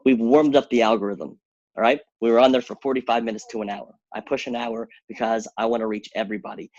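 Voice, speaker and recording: A man with a slightly husky, mid-pitched voice delivers an upbeat coaching workshop, pushing his listeners on and now and then squeaking up high to act out his own doubts. The sound is dry and a little dull, like lo-fi online call audio. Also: darkish tone, dry recording. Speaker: workshop speaker. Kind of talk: motivational social media coaching talk.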